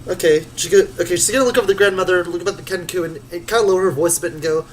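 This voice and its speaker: A player in an online tabletop game, describing their character's actions haltingly, with many restarts. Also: medium pitch, poor audio. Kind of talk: casual tabletop role-play.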